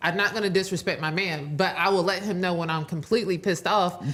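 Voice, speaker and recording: A woman's voice: fairly low pitch, fairly even intonation, fast talker, fairly bright tone. A woman co-hosting a podcast, speaking frankly and expressively as she pushes back in a casual debate. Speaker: podcast co-host.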